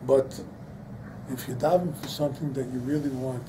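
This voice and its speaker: A man's voice: medium pitch, fairly even intonation, moderate pace, background noise. An older man, a rabbi giving a Torah lecture, telling a personal story and then preaching with rising emphasis, mixing in Hebrew terms. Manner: sprinkles Hebrew and Yiddish-inflected terms. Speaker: rabbi teaching a class.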